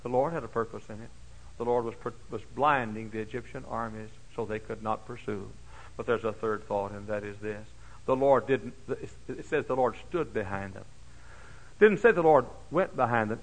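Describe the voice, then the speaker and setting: Gravelly older pastor preaching. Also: male voice, moderate pace, low-quality recording. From Dallas, Texas. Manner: folksy, dramatic, swings from hushed asides to high shouted exclamations. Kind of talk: sermon with personal storytelling. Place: church.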